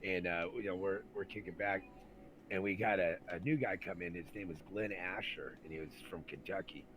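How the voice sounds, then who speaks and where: A man with a fairly low voice tells rowdy army stories in loose, swearing chat and acts out everyone in them. There is a faint hum of background noise behind him. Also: a little fast, poor audio. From Santa Rosa, California, USA. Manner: animated, acts out the people in his stories, many fillers. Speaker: storyteller recalling army days. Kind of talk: casual profane storytelling chat.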